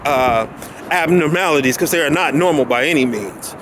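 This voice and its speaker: A man's voice: on the high side, normal speed. Rambling man walking his dog outdoors. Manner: rambling, loses his train of thought; laughs often. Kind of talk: casual rambling chat. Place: outdoors on a neighborhood street. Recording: noisy street with traffic.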